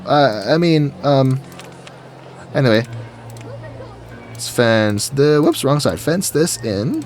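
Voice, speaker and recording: A gaming video creator with a medium-pitched voice talks slowly but very animatedly. While building in a game, he offers casual, goofy let's-play commentary, chatting to himself as he works.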